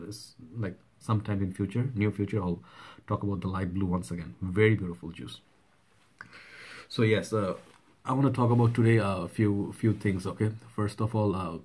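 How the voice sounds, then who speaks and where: A man, hoarse from a cold, chatting casually in a fragrance vlog, rambling with many fillers and asides. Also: deep voice, darkish tone. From Bangladesh. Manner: rambling, with frequent "uh" and "okay?". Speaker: fragrance reviewer.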